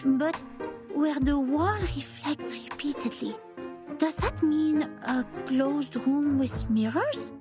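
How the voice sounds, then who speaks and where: A high-voiced thoughtful game heroine. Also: female voice, slow. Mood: measured. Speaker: game character. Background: game music.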